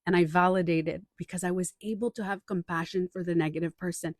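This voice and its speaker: An animated woman hosting a casual live stream, talking straight into a close microphone in a dry room. She slips into other people's voices as she talks and repeats short phrases for emphasis. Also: fairly low pitch, brisk, no room sound. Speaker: life coach and author hosting a live stream.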